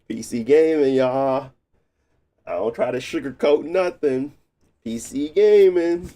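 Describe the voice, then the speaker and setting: Mellow, lively-voiced gaming streamer man. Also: mid-range voice, very slow, long pauses. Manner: thinks out loud, laughs often. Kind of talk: casual live tinkering chat.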